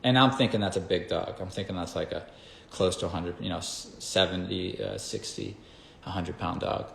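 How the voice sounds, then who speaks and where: A man with a fairly low voice teaching dog training in an emphatic, casual way. He keeps turning to the listener with quick "okay?" and "right?" check-ins. His voice rings around an echoey room. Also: steady tone, gravelly, slight background noise. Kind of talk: casual instructional talk.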